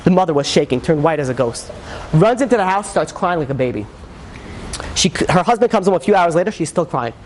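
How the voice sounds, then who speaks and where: A man, a rabbi, telling a sermon story in a lively, conversational way, acting out the lines of the people in it. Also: a little high, fairly quick, slight background noise. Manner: animated, conversational, frequent fillers and acted quotes.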